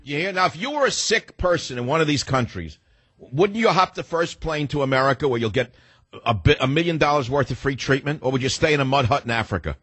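A man's voice: medium pitch, lively intonation, fast talker, a bit bright, husky, no room sound. A man hosting a talk radio show, firing off sarcastic rhetorical questions in a combative monologue and taking calls.

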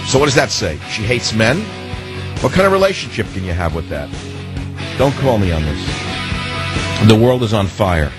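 A man's voice: lowish voice, sing-song, normal speed, pauses often, over music. A man hosting a political radio talk show, combative and full of rhetorical questions.

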